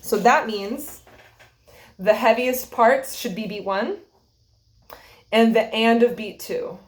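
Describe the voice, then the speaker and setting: A woman's voice: fairly high pitch, takes it slowly. Patient woman teaching rhythm and bowing. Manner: patient, checks in with "okay?" often, sings rhythms on syllables. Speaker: string teacher. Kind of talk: explaining rhythm and bowing to a student.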